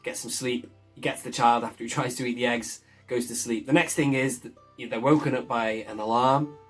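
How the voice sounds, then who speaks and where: A man gives a loose, excited recap of a show episode, chuckling as he goes. His voice sits at an ordinary middle pitch. Soft guitar music plays faintly underneath. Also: a little fast. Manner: enthusiastic, chuckles often while recounting. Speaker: show reviewer.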